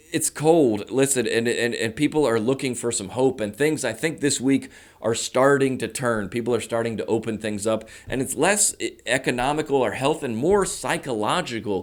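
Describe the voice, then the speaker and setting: A man hosting his own show, talking through a casual comedic monologue with rambling jokes and quick self-mocking asides. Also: medium pitch. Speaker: stand-up comedian, show host.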